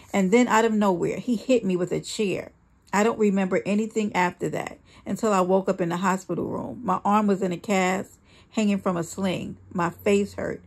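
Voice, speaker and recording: A woman's voice: mid-range voice, steady tone, moderate pace. A woman reading a first-person memoir aloud, with a dramatic, earnest storytelling manner. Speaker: audiobook reader.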